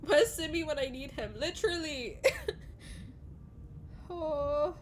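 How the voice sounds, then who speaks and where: A woman's voice: high voice, slow pace, slight background noise. A young woman streaming her reaction to a game, laughing through tears, swearing and talking expressively while crying. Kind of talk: live reaction stream, casual chat.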